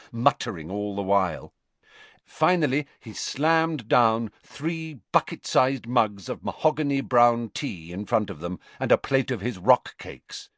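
A man reads a story aloud with dramatic expression, his low voice swinging widely in pitch. The recording is dry and close, with no room sound. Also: fairly bright tone, dry recording. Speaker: audiobook narrator. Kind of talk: audiobook reading.

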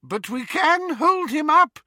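A man doing a brisk, plucky witch. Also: very high voice, expressive, sharp tone, no room sound, studio quality, voice pushed up, heavily acted. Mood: determined. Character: brisk middle-aged female herbology witch, plucky.

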